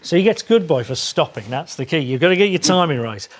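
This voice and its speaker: A man's voice: fairly high pitch, animated, fast talker, slight background noise. An English man, a dog trainer, patiently explaining dog behaviour in a TV studio chat. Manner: explains patiently, acts out dog owners' voices.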